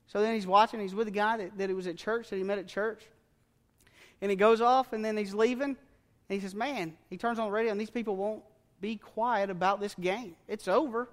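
A man preaching a sermon in a church, telling a story in an animated, plain-spoken way. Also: sits high, normal speed. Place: church sanctuary. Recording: long church reverb with faint music.

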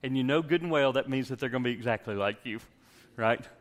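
A male pastor preaching a sermon and leading a closing prayer, emphatic, swinging from loud exhortation to hushed tones. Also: mid-range voice, fast talker. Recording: long hall reverb.

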